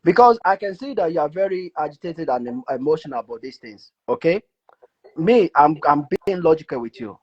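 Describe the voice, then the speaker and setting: A man with a Nigerian accent making a measured, lecturing point in a live audio debate. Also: on the high side, expressive, husky, dull audio. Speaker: debate participant.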